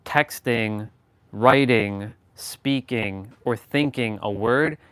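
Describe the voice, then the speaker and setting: A man in casual conversation, talking in loose, rambling runs full of restarts and fillers. His voice sits in a middle pitch range. It is recorded dry and close, with no room sound. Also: drawn-out words, a bit bright, clean tone, dry recording. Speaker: host. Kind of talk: casual chat.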